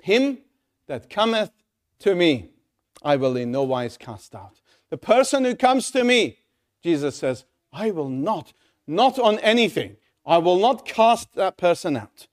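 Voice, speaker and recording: A man's voice: high-pitched, big pitch swings, unhurried. A man preaching an evangelistic sermon in a church, urgent and pleading, with many rhetorical questions.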